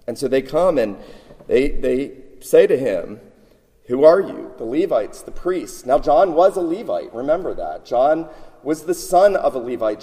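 A man's voice: medium pitch, warm tone. A man preaching a sermon, emphatic, often repeating words as he builds his points. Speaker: pastor. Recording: long hall reverb.

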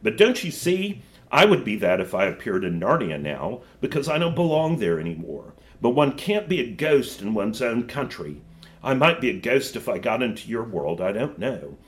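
A man's voice: mid-range voice, normal speed, close to an everyday voice. A man reading aloud and voicing a joyful young male king who exclaims and teases. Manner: excited and exclaiming.

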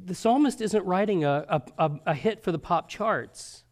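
Casting note: male preacher, slightly higher-pitched voice, earnest and conversational, sermon delivery with frequent "right?" check-ins. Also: normal speed.

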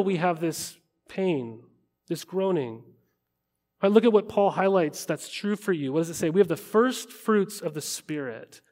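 A middle-aged male pastor preaching a conversational sermon, often asking his listeners questions. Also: high-pitched.

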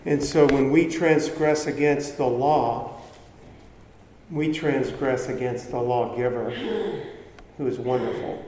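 The slow, earnest sermon comes from a man whose mid-range voice is warm and mellow, with fairly even intonation. He speaks conversationally in a large, echoey room with long reverb, faint ambience, and a little hiss or hum.

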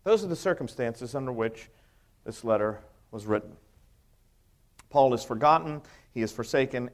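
A middle-aged male pastor preaching a sermon, emphatic, with many rhetorical questions. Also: medium pitch.

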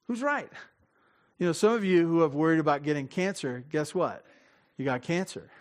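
A pastor gives a conversational sermon, interrupting himself, laughing often, acting out little dialogues and putting direct questions to the audience. His voice is fairly high and a little mellow, and he speaks a little fast.

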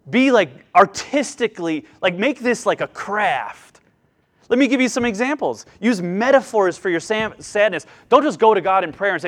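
Male pastor, 30s, earnest sermon, slightly high voice, swings loud and soft. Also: animated, normal speed. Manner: earnest, rising and falling delivery with frequent restarts.

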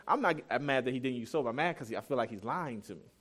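A man's voice: mid-range voice, expressive, racing, a bit bright. A man in his thirties preaching a sermon as pastor, telling a family story in a candid, self-deprecating, conversational way.

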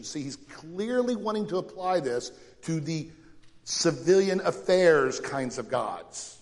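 A male pastor preaching a sermon dramatically, rising to loud questions and dropping to hushed lows. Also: big pitch swings, takes it slowly, long reverb tail.

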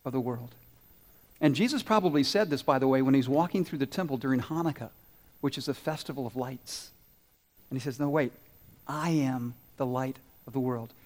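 Animated pastor in a reverberant church. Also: male voice, mid-range voice. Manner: animated, asks children questions and answers for them. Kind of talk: children's sermon. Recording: long reverb in a large hall.

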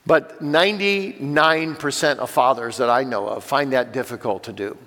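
A man's voice: mid-range voice, moderate pace, fairly bright tone. Older man teaching in reverberant church hall. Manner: earnest, direct address to parents. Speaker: Bible teacher.

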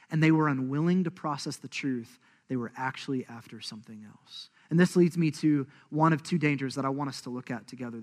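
A man preaching a sermon, animated and acting out the voices of the people in his story. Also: on the high side. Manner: animated, acts out quoted voices. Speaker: pastor.

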